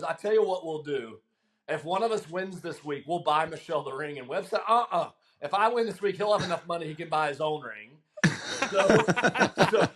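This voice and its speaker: Animated middle-aged man telling a story. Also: a little high. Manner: animated, laughing storyteller with many ums. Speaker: guest caddie. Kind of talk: casual storytelling.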